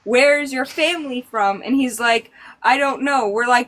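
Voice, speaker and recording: Woman co-host, slightly high, sarcastic and animated. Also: measured pace. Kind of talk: casual live-stream chat.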